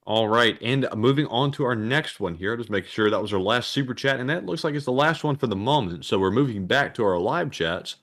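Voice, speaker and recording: A man's voice: medium pitch, expressive, a little fast, few pauses, a bit bright. A man co-hosting a casual livestream, reading out viewer messages in a plain voice and now and then stumbling over his words.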